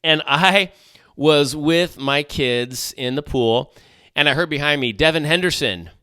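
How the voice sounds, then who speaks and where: Bright chatty middle-aged podcast host. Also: male voice, a little high, fairly even intonation, takes it slowly, clear, resonant tone, no echo, studio quality. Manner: chatty, jokey, full of asides and restarts. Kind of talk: solo casual podcast chat.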